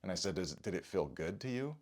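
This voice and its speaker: Shaken deep-voiced man recounting a scare. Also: lively intonation, quick pace, a little mellow. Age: adult father. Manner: rattled, stammering, restarts and swears. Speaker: podcaster recounting an experience. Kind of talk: shaken first-person account to camera.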